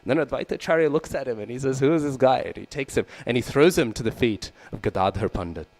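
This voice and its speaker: This man's voice sits at medium pitch and sounds a little mellow, delivered fast and with animation on a low-quality recording. Teaching scripture, he tells a devotional story as a sermon, voicing the characters he quotes and asking the audience questions, often ending with "right?" or "hmm?"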